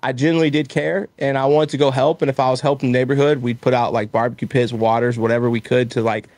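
A fast-talking man in his thirties with a mid-range voice, recorded with no room sound. He's a business owner being interviewed in a casual conversation, speaking candidly and telling animated stories in which he acts out other people's voices.

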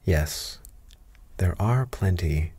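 A man's voice: low voice, lively intonation, slow pace, darkish tone, a little hiss or hum, exaggerated voice. A man voicing a proud, bossy talking female parrot in a bedtime storybook reading.

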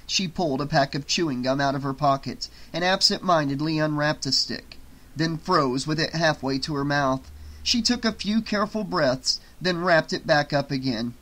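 A man narrating an audiobook in a steady, measured reading. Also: fairly high pitch. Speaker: audiobook reader.

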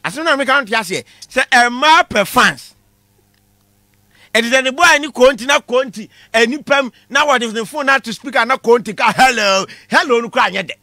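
Animated high-voiced Ghanaian comic man. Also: normal speed, dry recording, clean studio sound. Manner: animated, shouting punchlines, mixing Twi with English. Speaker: comic lecturer. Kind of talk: comedy class monologue.

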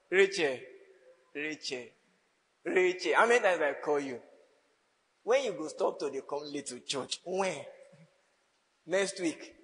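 A man's voice: a little high, animated, slow, long pauses, fairly bright tone, long reverb tail, rough recording. A man preaching a sermon as a pastor, teasing his congregation and laughing often. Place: church hall.

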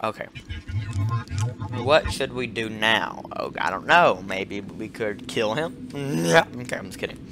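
A young man casually commenting on a horror game as he plays, jumpy and excitable, yelping when startled. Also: lowish voice, a little slow, creaky, background noise. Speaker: gaming channel host. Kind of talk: let's play commentary. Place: home room.

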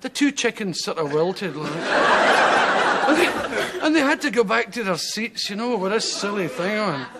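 High, lively Scottish man chuckling through stories. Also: a little slow. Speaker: talk show guest. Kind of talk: comic anecdote storytelling. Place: TV studio with live audience. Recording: 1970s TV studio with audience laughter and hiss.

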